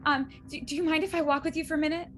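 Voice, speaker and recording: A woman's voice: sits high, fairly even intonation, rapid-fire, faint music behind, voice pushed up, close to an everyday voice. A woman voicing her adventurer as she feigns fright and begs strangers for help, in a pleading, breathless pretend panic.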